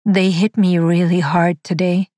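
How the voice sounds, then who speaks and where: A woman voicing a battered, weary young woman who speaks quietly and submissively in a storybook reading. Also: on the low side, level tone, unhurried, no echo, clean studio sound. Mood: subdued. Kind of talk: audiobook dialogue read by a narrator.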